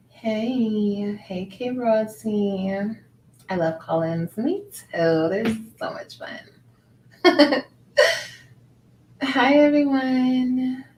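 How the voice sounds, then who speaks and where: A woman's voice: fairly high pitch, very slow, pauses often, darkish tone. A woman hosting a casual livestream, greeting viewers by name and reading their comments aloud. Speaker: livestream host. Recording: echoey room, faint background noise.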